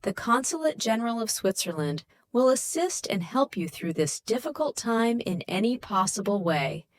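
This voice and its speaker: A woman voicing a soft-spoken, formal and apologetic male diplomat on the phone. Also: a little high, lively intonation, normal speed, no echo, studio quality, natural voice.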